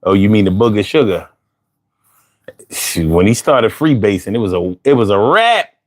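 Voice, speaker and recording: A man hosting a livestream, chatting casually and reading out viewer comments in a drawling, animated way. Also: on the low side, moderate pace. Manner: drawling, animated, talks back to chat. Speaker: livestream host.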